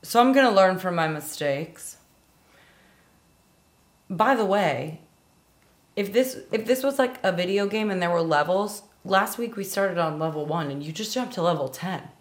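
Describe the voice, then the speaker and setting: A woman co-hosting a casual podcast, chatty and quick to laugh at herself while guessing answers. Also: fairly low pitch, expressive. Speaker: podcast co-host. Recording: echoey room.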